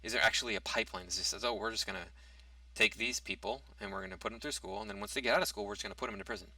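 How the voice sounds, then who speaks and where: A man's voice: fairly low pitch, racing, pushed and bright, no room sound, far from the mic. A man in a casual opinion monologue, reading out topics and rebutting them, with hesitant restarts. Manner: argumentative, reads out a topic then rebuts it. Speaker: commentary vlogger.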